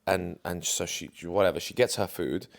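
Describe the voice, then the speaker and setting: A man's voice: low voice, a little fast, gravelly. A young man telling a dating story to camera in a chatty, confident way, full of fillers. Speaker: dating coach.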